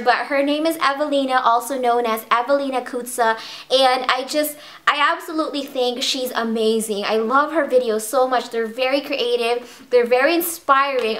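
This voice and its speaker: A young woman with a high, slightly bright voice chats casually in a monthly favorites beauty vlog. She's bubbly and gushing, with many ums and restarts.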